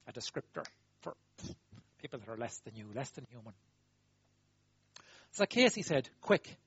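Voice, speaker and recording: In a lively, husky voice that climbs high and dips low, a man delivers a sermon with emphasis, shifting between loud exclamations and quiet asides. The recording sounds dull, lo-fi and dry.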